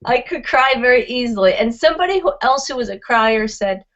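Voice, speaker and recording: A woman in a casual group chat, rambling and chatty and quick to laugh. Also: fairly high pitch, expressive, fairly bright tone, highs cut off. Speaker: group participant.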